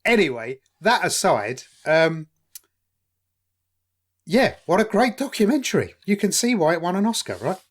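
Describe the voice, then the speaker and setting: Animated East man chatting. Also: high voice, normal speed. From East London. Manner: animated, swears freely, laughs often. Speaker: podcast co-host. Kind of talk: casual chat.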